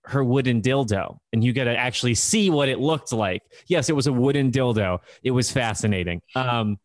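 A man's voice: mid-range voice, moderate pace, no room sound. Man, podcast co-host, casual and campy, dry close sound. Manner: playful, joking, campy. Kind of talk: casual chat.

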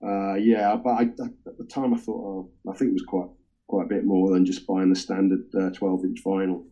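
A man with a very dark, mellow voice and a rather low pitch, talking about records in a casual chat. He hesitates often with ums and uhs, and his enthusiasm comes through. The sound is dull and lo-fi. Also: level tone, a little fast. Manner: enthusiastic record collector talk. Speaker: co-host sharing record picks.

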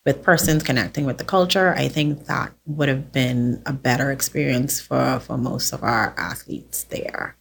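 A woman with a notably low voice chats as a podcast guest. She talks through her stories casually and laughs often. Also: steady tone, moderate pace, vocal fry, few pauses, breathy edge. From The Bahamas. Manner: chatty storyteller, laughs often. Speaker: podcast guest, sports volunteer. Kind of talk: casual chat.

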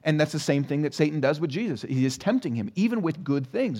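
A man's voice: fairly high pitch, animated, fast talker, few pauses, warm tone. A man preaching a sermon as pastor in a church, talking conversationally and asking the congregation rhetorical questions. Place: church sanctuary.

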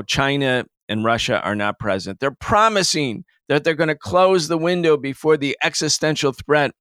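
A man's voice: a little high, fairly bright tone, clean tone, no room sound. A man hosting a studio roundtable, giving emphatic, indignant political commentary. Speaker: host.

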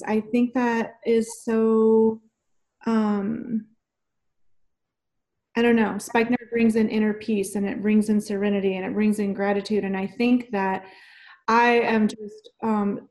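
An enthusiastic woman hosting a podcast, talking in a gushing, affirming way. Her voice sits at a middle pitch, and she chats casually with her guest. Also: level tone, takes it slowly, a little mellow. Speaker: podcast host. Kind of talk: casual chat.

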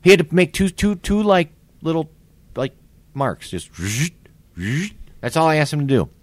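A fortysomething podcast co-host with a voice on the high side speaks at normal speed, telling a workplace story in laid-back chat. He swears and animatedly mimics people's lines, with no echo in the sound.

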